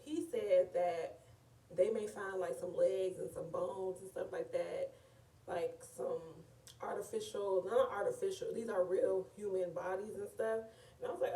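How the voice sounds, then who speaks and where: A woman chats through a reality show recap in a gossipy, animated way. Her voice is mellow and dark in tone. She sits back from the mic in an echoey room. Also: medium pitch, moderate pace, recorded from a distance. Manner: chatty, animated, often says "girl" and "like".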